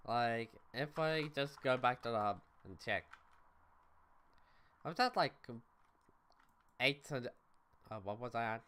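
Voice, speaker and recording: Smooth-voiced man streaming a game. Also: mid-range voice, lively intonation, unhurried, pauses often, fairly bright tone. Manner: loose and offhand, reads chat aloud, swears casually. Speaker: livestreamer. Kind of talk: casual gaming stream chatter.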